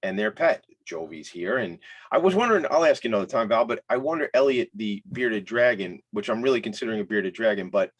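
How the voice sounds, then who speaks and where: A man hosting a casual talk show, hyped, loud and playful. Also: fairly low pitch, animated, fast. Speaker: host.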